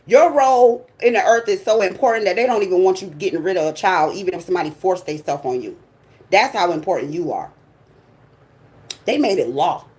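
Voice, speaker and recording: A woman's voice: medium pitch, a little mellow. A woman hosting her tarot channel, giving a blunt, sassy, profane monologue in casual talk.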